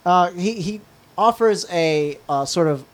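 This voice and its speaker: A man's voice: high-pitched, unhurried. A young man co-hosting a casual wrestling podcast, rambling, swearing and laughing often. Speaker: podcast co-host.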